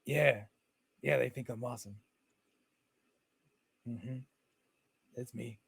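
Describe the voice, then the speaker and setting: A crestfallen young companion mumbles his lines in a muted, low-key way, as a man puts him on. The sound is dry and close, with no room around it. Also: slow pace, creaky, breathy edge, no room sound, heavily acted.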